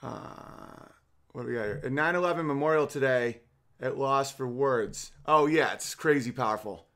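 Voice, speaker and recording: A man's voice: medium pitch, normal speed, fairly bright tone. A middle-aged man hosting a casual comedic podcast, firing off sarcastic rhetorical questions. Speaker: podcast host.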